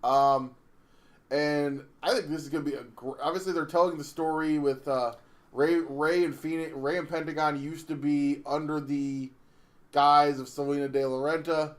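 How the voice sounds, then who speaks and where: Casual podcast co-host, man, slightly high voice, rambling and filler-heavy. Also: steady tone, moderate pace. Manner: rambling, laughs easily, many fillers. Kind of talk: casual wrestling podcast chat.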